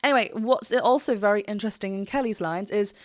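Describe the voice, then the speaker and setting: A woman's voice: medium pitch, quick pace, no room sound, studio quality. A woman vocal coach giving a reaction and analysis commentary, explaining technique and breaking into short sung demonstrations.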